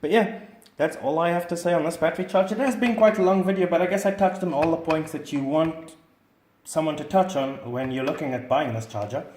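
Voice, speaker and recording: A man's voice: fairly high pitch, fairly quick, darkish tone, roomy sound, a little hiss or hum. A man hosting a casual hobby review vlog. He gives earnest warnings and repeats words for stress. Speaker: hobby channel host reviewing a drone charger.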